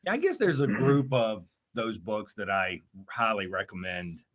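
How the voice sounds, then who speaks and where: Animated joking man co-host. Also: fairly low pitch. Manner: joking, teasing, quick to laugh. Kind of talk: casual chat.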